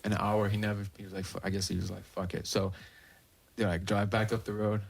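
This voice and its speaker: A man's voice: on the low side, fairly quick, creaky, a little hiss or hum. A man telling a story on a podcast, casual and profane, acting out the voices of the people in it. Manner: animated, profane, acts out voices in his stories. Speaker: podcast guest.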